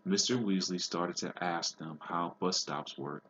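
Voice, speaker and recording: A man's voice: sits low, a little slow. A man reading a novel aloud and patiently stopping to explain words. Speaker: reader. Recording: dull lo-fi with hiss.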